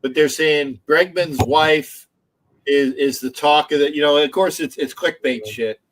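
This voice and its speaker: A man's voice: a little high, a little slow, rough recording. A man hosting a casual sports livestream, rambling with many restarts and the odd swear word. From Philadelphia area. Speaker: livestream host.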